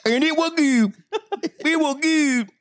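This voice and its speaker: A woman's voice: sits high, expressive, a little slow, a bit bright, dry recording, studio quality, voice pushed up. A woman voicing a preacher who recites scripture in made-up game gibberish, in a solemn sing-song. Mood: preaching. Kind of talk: comedic gibberish improvisation.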